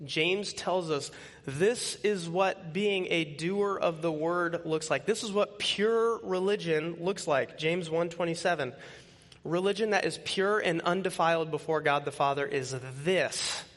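A man in his thirties delivers a conversational sermon in a slightly high, forceful, bright voice. He keeps asking rhetorical questions and checking in with the congregation. His words ring out with a long tail of reverb in a large church hall. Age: 30s. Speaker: pastor.

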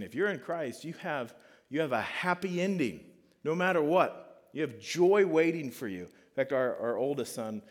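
A middle-aged man preaching in a casual, conversational way, reading scripture and telling family stories. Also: mid-range voice. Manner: conversational, animated storytelling with frequent "like". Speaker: pastor. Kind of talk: sermon.

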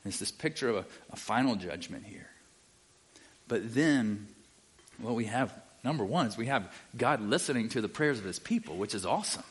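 A man's voice: medium pitch, expressive, normal speed, slightly rough. A man teaching a conversational sermon to a live church audience, reading scripture aloud and often checking in with his listeners. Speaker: Bible teacher.

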